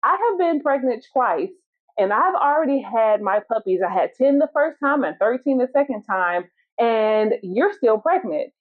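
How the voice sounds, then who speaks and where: A woman's voice: on the high side, expressive, moderate pace, lightly acted. A woman voicing an eager, chatty female dog who keeps having puppies and asks pointed questions, told as a fable. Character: boastful impatient female dog, mother of many puppies. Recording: tinny phone-like sound.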